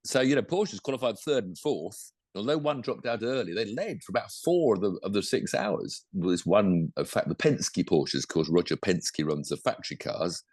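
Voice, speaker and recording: Casual podcast co-host with a low voice and a dry sound, rambling and self-correcting. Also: male voice, lively intonation, moderate pace, few pauses, darkish tone, dry recording. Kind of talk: casual motorsport chat.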